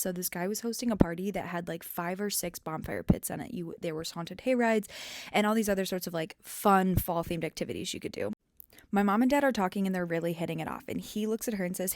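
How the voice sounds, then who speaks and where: A young woman in her twenties tells a story to camera in a lively, gossipy way, tossing in playful swearing. Her voice sits at a middle pitch. The sound is dry and close, with no room around it. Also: dry recording. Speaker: vlogger.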